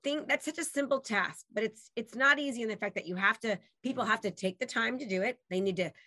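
Bright, enthusiastic woman host. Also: a little high, fast, dry recording. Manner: enthusiastic, effusive. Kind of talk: casual interview chat. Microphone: video call.

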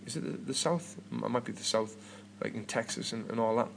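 A British podcast host in his thirties talks fairly quickly in a lowish, gravelly voice, chatting casually and rambling with frequent restarts and repeated words. The audio carries a bit of hiss or hum.

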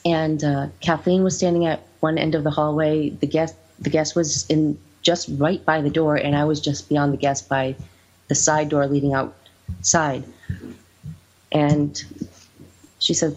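A woman's voice: low-pitched, level tone, measured pace, a little mellow. A woman who owns the house, casually telling anecdotes in a chatty way. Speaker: house owner and guest. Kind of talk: casual storytelling. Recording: muffled lo-fi audio.

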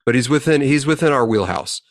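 A man in his forties telling a profane, animated story in a casual chat as a podcast co-host. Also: medium pitch, brisk. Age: 40s.

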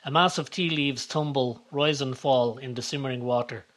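A man's voice: medium pitch, steady tone, moderate pace, a bit bright. Man narrating a comic story. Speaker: narrator and author of the series. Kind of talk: scripted audio story narration.

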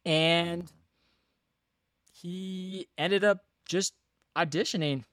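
Chatty, excitable man with a higher voice. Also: drawn-out words, dry recording, clean studio sound. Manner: chatty, laughs easily, excitable. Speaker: podcast co-host. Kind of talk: casual movie chat.

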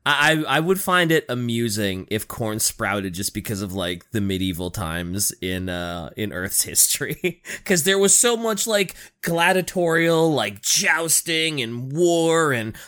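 A man in casual chat about game lore, animated, laughing often and asking questions. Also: medium pitch, a little slow, hardly any pauses, clear, resonant tone.

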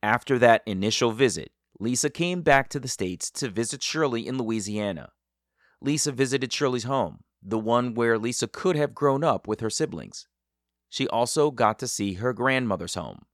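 A man hosting an interview and narrating the story between clips, calm and measured. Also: medium pitch, dry recording, clean studio sound. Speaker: podcast host and narrator.

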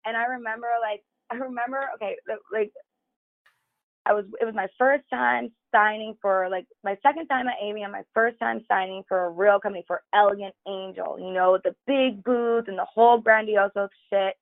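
A woman's voice: mid-range voice, steady tone, a little fast, gravelly, dry recording, phone-quality sound. A woman guest on a talk show, telling candid, profane stories in casual chat with lots of fillers. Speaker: podcast guest.

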